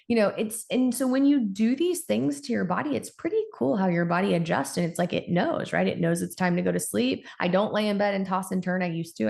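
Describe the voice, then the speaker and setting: A woman in her forties, an endocrinologist guest on a podcast, telling stories in an animated, conversational way. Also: medium pitch, gravelly. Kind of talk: casual podcast interview.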